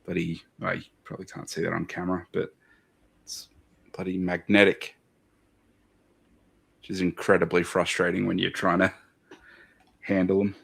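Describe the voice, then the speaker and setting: A man with a very deep, gravelly voice, chatting as he works on his models. His tone is husky and rough, and he grumbles and swears in a relaxed, offhand way. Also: normal speed, pauses often. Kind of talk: casual chat while modelling.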